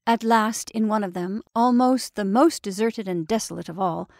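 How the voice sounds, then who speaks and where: A woman narrating a classic story with a measured, expressive delivery. Her voice has a steady gravelly fry at mid pitch, recorded close and dry with no room echo.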